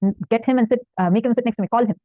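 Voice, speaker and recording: A woman playing a blunt, commanding old male ascetic who lays down harsh demands in a quick, slightly high voice. The sound is thin and phone-like, with a dry, close feel and no room around it. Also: no room sound, lightly acted. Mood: stern.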